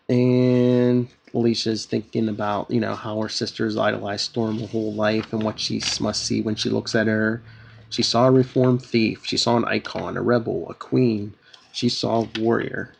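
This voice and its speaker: Gravelly man recapping a comic casually. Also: on the low side, slight background noise. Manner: retells the plot with many fillers, reading quoted lines flatly. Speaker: podcast host.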